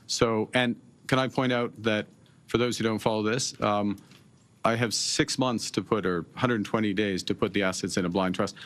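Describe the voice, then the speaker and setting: A middle-aged man from Canada answering reporters' questions at a press conference, measured and halting, with many pauses and fillers. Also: lowish voice, fairly even intonation, fairly bright tone. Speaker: prime minister at a press conference.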